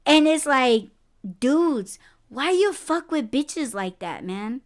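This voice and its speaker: A woman's voice: high-pitched, lively intonation, slow. A woman hosting a casual podcast conversation. She rants bluntly, swears a lot and breaks into emphatic, rising outbursts. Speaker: podcast host.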